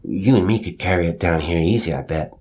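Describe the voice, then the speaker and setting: A man's voice: low voice, a little fast, a little mellow, natural voice. A man doing an eager younger brother.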